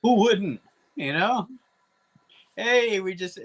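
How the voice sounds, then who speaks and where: High, lively man joking around. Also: slow. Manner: joking, profane, sarcastic. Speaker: podcast co-host. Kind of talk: casual banter.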